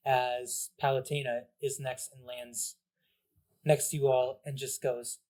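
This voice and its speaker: A man narrates as a tabletop game master, his medium-pitched voice level, unhurried and somewhat dark. His delivery is loose and casual, packed with fillers, especially lots of "like"s.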